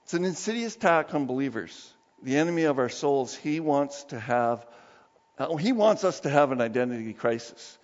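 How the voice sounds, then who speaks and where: A man preaching a sermon as pastor, praying softly and slowly, then telling stories with lively emphasis. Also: medium pitch. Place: church sanctuary. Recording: dull sound with long reverb of a church hall.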